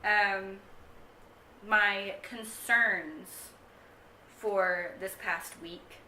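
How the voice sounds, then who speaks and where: A woman's voice: medium pitch, steady tone, drawn-out words, sharp tone, far from the mic, a little hiss or hum. Chatty young woman in echoey room. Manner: chatty, rambling with frequent ums. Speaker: vlogger giving a pregnancy update. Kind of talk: casual chat to camera. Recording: echoey room, mic set back.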